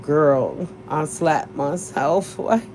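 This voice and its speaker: A woman's voice: sits low, very slow, darkish tone, slight background noise, poor audio. Blunt, profane New woman. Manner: blunt, profane, laughs often. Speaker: podcast host. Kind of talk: candid casual chat.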